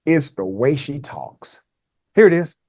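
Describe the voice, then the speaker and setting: A man hosting a political commentary show, talking casually with wry, animated reactions. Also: a little high, unhurried, dry recording, clean studio sound. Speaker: host.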